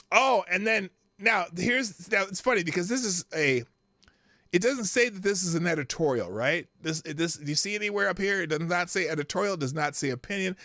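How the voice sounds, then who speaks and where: Brief: male commentary host, sarcastic and rambling, very lively intonation, dry close sound. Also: sits high, no echo. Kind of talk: live news commentary.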